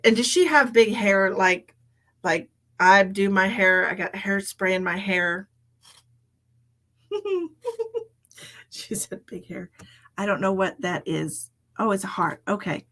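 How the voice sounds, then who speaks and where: Woman psychic medium, live-stream host; casual, giggly, whispers asides, medium pitch. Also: sharp tone. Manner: chatty, laughs often, drops into whispered asides.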